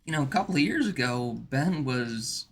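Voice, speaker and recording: A man's voice: medium pitch, animated, normal speed, fairly bright tone. A man streaming, chatting casually in a rambling way with many fillers and restarts. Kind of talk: casual chat.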